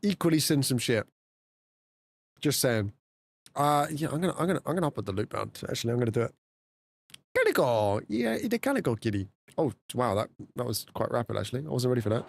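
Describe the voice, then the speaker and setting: Male streamer, lively pitch swings, casual chatter. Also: fast, creaky, no echo. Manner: chatty, laughing, swings between low mutters and high exclamations. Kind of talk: casual live-stream chat.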